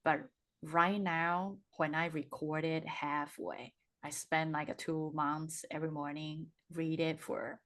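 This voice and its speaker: Hesitant low-voiced woman host. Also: level tone, takes it slowly, fairly bright tone. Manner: hesitant, searching for words. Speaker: podcast host. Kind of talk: casual interview chat.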